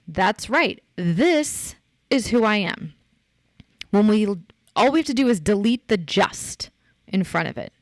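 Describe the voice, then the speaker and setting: A middle-aged woman hosting a podcast, unhurried and close to the mic in a dry, dead room. She coaches her listeners in an easy conversational way, and her voice jumps up sharply on the points she wants to land. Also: on the high side, no room sound. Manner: emphatic, encouraging, rises sharply when making a point. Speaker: podcast host.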